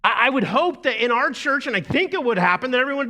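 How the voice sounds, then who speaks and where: A middle-aged man, a lead pastor preaching a sermon in a lively, conversational way with asides to the congregation. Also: very high-pitched, quick pace, slight background noise.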